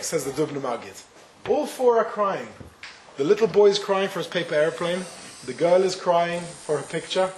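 A rabbi telling a parable and giving a spoken Torah lesson, with small hesitations. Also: male voice, high voice, lively intonation, normal speed, a little mellow. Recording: roomy echo, faint noise.

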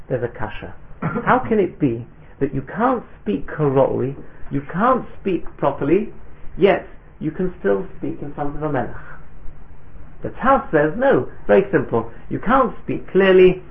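A man's voice: a little high, sing-song, moderate pace, gravelly. A man teaching a Talmudic lecture, reading passages in Hebrew and Aramaic, explaining them in English, and checking in with the class. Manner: explains texts in Hebrew and Aramaic, then translates; asks the class "Yes?". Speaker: Torah teacher. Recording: tinny phone-line sound.

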